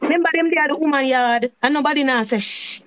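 A woman with a strong Jamaican accent vents on a live stream in a high-pitched voice. She circles back over the same points and swears freely in patois. The rant runs long and stays heated. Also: fast, a bit bright. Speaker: channel host.

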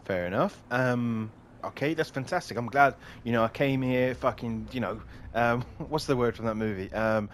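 A man's voice: mid-range voice, normal speed, hardly any pauses, slight background noise. A man commenting casually on a game as he plays, swearing and laughing often. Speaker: gaming streamer. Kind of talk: casual let's-play commentary.

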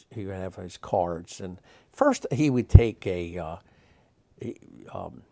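A man in his sixties, a magic historian, telling stories in an interview, animated and rambling with many fillers and restarts. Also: lowish voice, gravelly. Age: 60s. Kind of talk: interview storytelling.

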